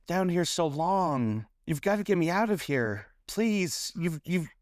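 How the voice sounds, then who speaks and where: A man's voice: medium pitch, expressive, takes it slowly, darkish tone, no echo, clean studio sound. A man voicing a frightened, weepy female sylph trapped in a cage, who stammers and pleads. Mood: desperate pleading. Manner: stammering, pleading, repeats herself.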